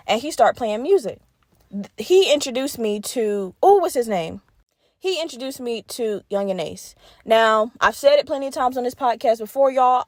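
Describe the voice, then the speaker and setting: Animated young woman podcast host. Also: a little high, no echo, studio quality. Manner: animated, profane, acts out both sides of conversations. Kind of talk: casual storytelling monologue.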